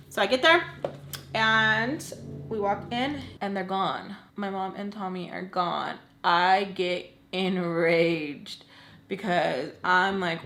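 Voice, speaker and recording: A young woman vlogger telling a long story in casual chat, animated and full of "like", acting out angry phone calls. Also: mid-range voice, takes it slowly. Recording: echoey room, faint noise.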